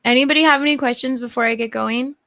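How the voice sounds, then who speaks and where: A woman's voice: sits high, fairly even intonation, fast, vocal fry, fairly bright tone, no echo. A woman hosting a casual live-stream chat who is playful, laughs often and swears casually, speaking into a mic on a stand. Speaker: host.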